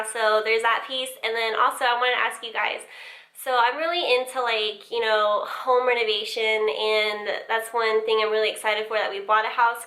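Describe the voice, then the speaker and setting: A woman's voice: on the high side, sharp tone. A young woman vlogging casually about her sewing space, chatty and full of fillers like um and like. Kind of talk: casual vlog chat. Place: home and empty basement, indoors. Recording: echoey room.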